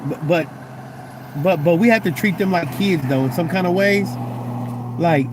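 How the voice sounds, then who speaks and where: Against a noisy background, a high-voiced young man speaks at normal speed. He's a Christian vlogger preaching in a relaxed, chatty manner, stammering and doubling back on words as he pushes his point, and he keeps checking in with "you know what I'm saying."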